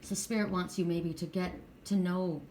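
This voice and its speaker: Middle-aged woman card reader with a low voice, chatty and meandering, faint background noise. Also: steady tone, moderate pace. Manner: rambling, warm storytelling with many restarts. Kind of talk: casual spiritual card reading.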